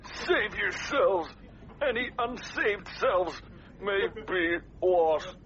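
A man's voice: high-pitched, lively intonation, very slow, a bit bright, dull audio, a little hiss or hum, full character voice. A man voicing a melodramatic dying laptop computer in a mock-heroic farewell. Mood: mock tragic.

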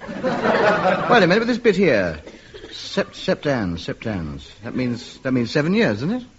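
An actor playing a vain, self-important comedian who blusters and fusses, in a 1950s radio comedy. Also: male voice, fairly high pitch, wildly swooping pitch, measured pace. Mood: blustering. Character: vain, pompous male comedian, easily flustered. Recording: dull old radio recording with faint hiss.

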